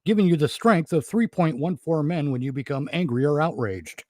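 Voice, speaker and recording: A man's voice: on the high side, expressive, moderate pace, a little mellow, no room sound, studio quality, natural voice. A man reading lines as an upbeat male space ranger hero in a 1940s radio parody style. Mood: heroic. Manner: upbeat, read from a script. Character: square-jawed heroic male space ranger.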